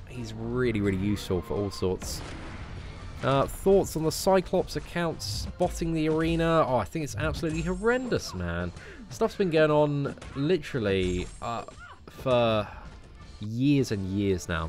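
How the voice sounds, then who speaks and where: Chatty British man streaming a game. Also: mid-range voice. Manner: relaxed, chatty, frequent "man" and restarts. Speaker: gaming streamer answering viewer questions. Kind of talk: casual live-stream chat.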